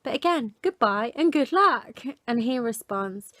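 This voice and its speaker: A woman vents to her viewers in an animated, indignant vlog. Her voice sits a little high, and the recording is dry and close, with no room sound. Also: slow pace, no echo. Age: 30s. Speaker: vlogger. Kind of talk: casual talk to camera.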